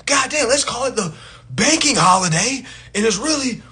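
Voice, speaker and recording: Man, high voice, bright, livestream host, blunt, profane, mocking. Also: animated, moderate pace. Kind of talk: casual livestream rant.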